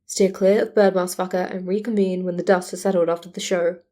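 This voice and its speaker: A woman voicing a grumpy, deadpan young male villain leader who mumbles. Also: fairly low pitch, fast, lightly acted. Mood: grumbling.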